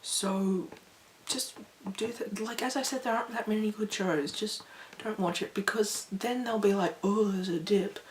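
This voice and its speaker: A woman's voice: medium pitch, moderate pace, hardly any pauses. Chatty young woman in an echoey room. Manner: chatty, rambling, animated. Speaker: vlogger. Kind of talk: casual talk to camera. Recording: echoey room, faint background noise.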